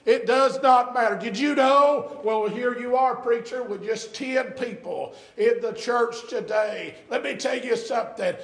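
An older man preaching a sermon in a small church, swinging between shouted exhortation and hushed, drawn-out phrases. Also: extremely high pitch. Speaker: pastor. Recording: echoey church room, faint congregation.

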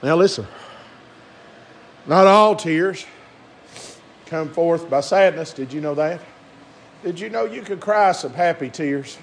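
A man preaching a sermon, moving between quiet conversational asides and drawn-out shouted climaxes. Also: a little high, gravelly. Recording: echoey room with faint crowd and noise.

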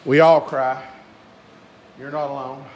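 A man preaching a sermon, moving between quiet conversational asides and drawn-out shouted climaxes. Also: mid-range voice, level tone. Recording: echoey room with faint crowd and noise.

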